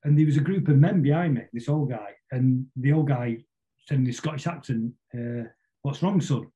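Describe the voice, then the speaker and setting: A man's voice: mid-range voice, fairly quick, dark tone, low-quality recording. A middle-aged man, a podcast guest telling long stories that ramble along with frequent restarts and repeated words. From Salford, England. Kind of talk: casual storytelling interview.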